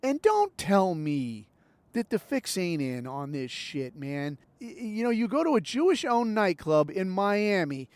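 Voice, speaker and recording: A man's voice: high-pitched, very animated, measured pace, no echo. A man hosting his own podcast in a rambling, sarcastic, profane solo monologue. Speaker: podcast host.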